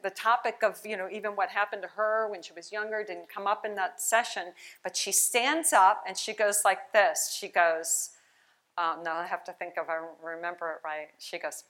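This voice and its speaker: Woman play therapist doing a chatty conference keynote, bright voice, animated storytelling. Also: medium pitch, moderate pace. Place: conference hall.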